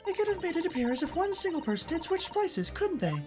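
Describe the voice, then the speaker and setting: A streamer voicing a polite, eager young woman assistant in a detective game, with a high, genteel lilt. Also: big pitch swings, fast, music in the background. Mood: prim, curious.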